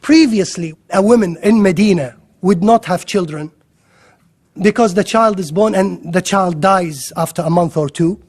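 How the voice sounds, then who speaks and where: Very high-voiced excitable male lecturer. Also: normal speed. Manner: excitable, fires rhetorical questions at the audience. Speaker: Islamic lecturer. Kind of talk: impassioned religious lecture.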